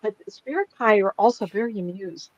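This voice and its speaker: Her voice sits in the mid-range and moves fairly quickly as this sixties-aged psychic medium chats loosely with a small group, laughing often and drifting from topic to topic. The lo-fi recording is dull and dry, with no room sound.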